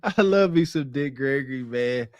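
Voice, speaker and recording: A man's voice: medium pitch, expressive, normal speed, darkish tone, no echo, highs cut off. A man co-hosting a podcast, giving mocking, preachy reaction commentary. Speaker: podcast co-host.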